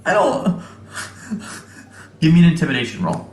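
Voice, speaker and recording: A man's voice: on the high side, sing-song, normal speed, a little mellow, reverberant. A man acting as game master, talking loosely and chattily and laughing easily. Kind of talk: running a tabletop game.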